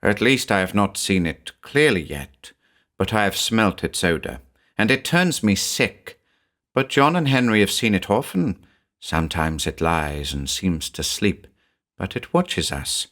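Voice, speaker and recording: A man voicing an anxious village mother who recounts events in a hushed, uneasy way. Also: low-pitched, lively intonation, unhurried.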